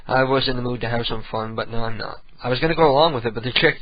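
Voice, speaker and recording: A man's voice: medium pitch, rapid-fire, dry recording, lo-fi sound. Rambling profane radio host, man. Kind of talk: casual solo radio show chat. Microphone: home desk microphone.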